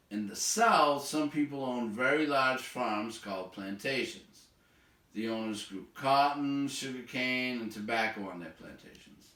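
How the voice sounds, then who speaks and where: A man's voice: medium pitch, a bit bright, far from the mic. A man with a Boston accent, a teacher, reading a textbook chapter aloud and dropping in wry, sardonic asides. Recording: echoey room, voice off-mic.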